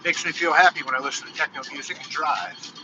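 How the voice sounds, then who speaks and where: A man in his forties talking casually in a live vlog from his car, telling stories in an animated, ranting way. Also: on the high side, quick pace. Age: 40s. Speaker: vlogger. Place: in a car on the road. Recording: dull lo-fi car recording with music. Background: techno music playing.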